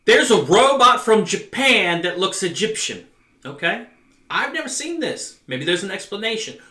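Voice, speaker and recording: Man, high voice, animated, bright, ranting, podcast co-host. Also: normal speed, reverberant. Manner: ranting, exasperated. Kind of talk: casual podcast chat.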